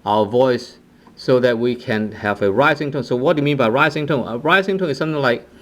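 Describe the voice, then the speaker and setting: A man's voice: mid-range voice, a little fast, fairly bright tone. A man teaching a casual online language lesson, demonstrating tones with sung phrases and often checking in with "right?". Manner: sings short phrases and repeats syllables to demonstrate tones; frequent "right?" check-ins and restarts. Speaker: Cantonese teacher.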